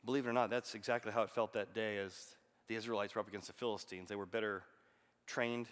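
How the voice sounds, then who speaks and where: A man preaching a sermon, telling a story and reading scripture aloud with bursts of loud emphasis. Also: on the low side, steady tone, quick pace. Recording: long hall reverb.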